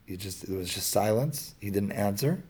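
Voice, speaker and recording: A man speaking to an audience, telling a story in a halting way with many fillers and restarts. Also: on the low side, lively intonation, darkish tone, husky.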